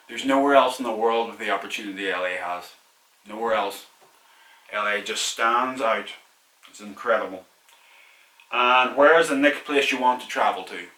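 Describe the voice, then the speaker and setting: A young Irish man talks candidly through viewer questions in a casual vlog, often laughing at himself. His voice is bright and forceful. It sounds echoey, with the mic set back from him. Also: lowish voice, distant mic. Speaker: YouTuber answering viewer questions.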